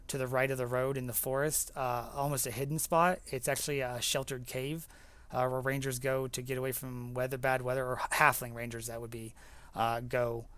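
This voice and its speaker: A young man narrating as game master in a tabletop game, halting and full of fillers. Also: medium pitch, clean tone.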